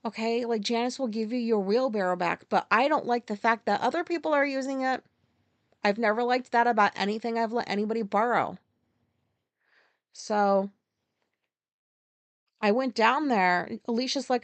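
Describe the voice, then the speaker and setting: A woman's voice: on the high side, moderate pace, pauses often, no room sound. A woman in her forties hosting a casual solo podcast, telling stories candidly, ranting and swearing freely. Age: 40s. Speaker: podcast host.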